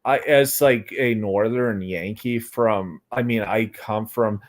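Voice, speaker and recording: A man's voice: lowish voice, slow pace. A young American man, a livestream interview guest, talking hesitantly and rambling with many fillers and restarts. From United States. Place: Florida.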